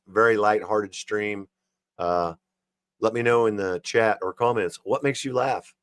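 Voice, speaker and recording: A man hosts a livestream, reading jokes one after another and adding his own chuckling remarks. His voice sits on the low side. The sound is dry and close, with no room echo. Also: fairly bright tone. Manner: reads jokes then chuckles and comments on them. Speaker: livestream host.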